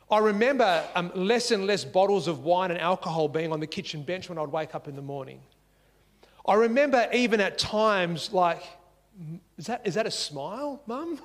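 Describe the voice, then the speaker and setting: With a high voice and a long reverb tail in the audio, an Australian man tells a personal story about his life. He's at a dining table at home, chatty and lively, performing the dialogue himself.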